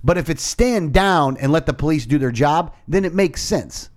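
A man's voice: fairly high pitch, normal speed. A man co-hosting a podcast, talking politics in a casual, profane, ranting way. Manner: animated, profane, rants. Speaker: podcast co-host.

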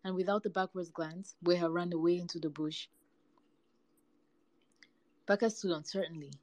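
A woman reading folktales aloud with a lively, varied storytelling delivery. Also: fairly low pitch, moderate pace, no echo, rough recording.

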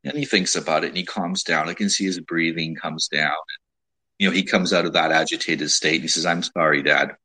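A man hosting a casual advice talk, speaking in a measured way with frequent restarts and repeated words. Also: sits low, fairly even intonation, pushed and bright, husky, rough recording. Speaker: host giving dating advice.

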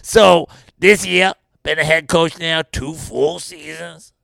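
Putting on an exaggerated voice, a man plays a rowdy Cajun football coach for a joke mock interview, all gravel and rasp. The pitch is a little high, the intonation fairly even and the pace slow, while he brags and rambles with sudden shouts. The recording has no room sound.

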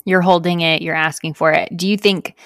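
A woman hosting a casual podcast with a very low voice and a gravelly edge. She backs up her guest and asks thoughtful follow-ups. The sound is close and dry. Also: fairly even intonation, a little fast, fairly bright tone, no echo. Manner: supportive listener, asks follow-up questions. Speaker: podcast host. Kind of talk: casual chat.

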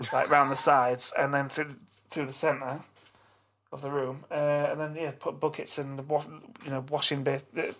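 A middle-aged man on a podcast, telling a story in casual chat with animated, swearing delivery. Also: on the high side. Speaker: podcast co-host.

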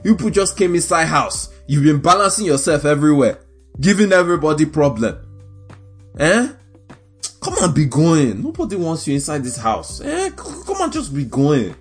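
A man's voice: on the high side, big pitch swings, moderate pace, slightly rough, soft background music. A man voicing a stern elder scolding an uninvited guest to leave the house, exasperated. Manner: scolding, exasperated, shooing someone out.

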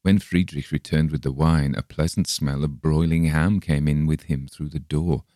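A man reading a Victorian story aloud as an audiobook narrator, steady and measured, lifting his voice a little for the quoted speech. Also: rumbling low, no echo, studio quality. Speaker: audiobook reader. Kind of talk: scripted narration.

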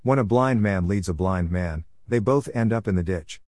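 A man's voice: sits low, normal speed, darkish tone, no echo, lightly acted. A man reading the words of a stern, plain-spoken male teacher during a scripture reading, with his voice a little raised. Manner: blunt, plain-spoken rebukes.

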